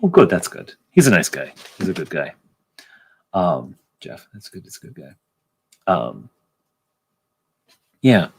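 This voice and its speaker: A man hosting a casual livestream, chatting with viewers in a rambling way with lots of pauses and restarts. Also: low voice, wildly swooping pitch, vocal fry, husky. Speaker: convention organizer and livestream host.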